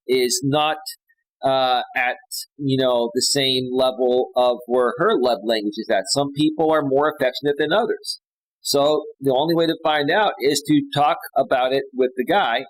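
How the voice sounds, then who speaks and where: A man's voice: mid-range voice, no echo, rough recording. A man hosting a livestream as a life coach, reading out posts and giving blunt, opinionated advice with many fillers and tag questions.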